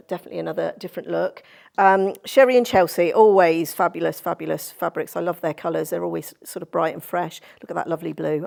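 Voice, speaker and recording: A woman's voice: fairly low pitch, creaky, a little mellow. A woman presenting a quilting tutorial in a sewing studio, chatty and effusive as she gushes over fabrics. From Cornwall, England. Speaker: sewing instructor.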